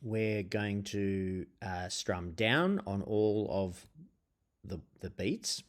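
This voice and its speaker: Low-voiced man teaching ukulele rhythm. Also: drawn-out words. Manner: relaxed, hesitant, with frequent uh and um fillers. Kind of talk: instructional explanation with counting.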